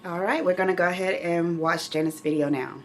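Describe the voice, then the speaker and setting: A woman's voice: lowish voice, steady tone, fairly quick, a little hiss or hum. A middle-aged woman hosting her own channel, talking openly and emotionally to viewers in a casual, heartfelt way. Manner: emotional, speaks directly to viewers. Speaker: channel host living with myeloma. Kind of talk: heartfelt casual vlog talk.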